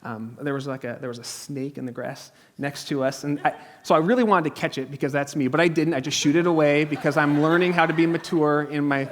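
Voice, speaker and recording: A man's voice: a little high, fairly even intonation, fairly quick, hardly any pauses. Conversational pastor in his thirties. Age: 30s. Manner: conversational, humorous, drops to a hush in the story. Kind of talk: sermon with storytelling. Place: church.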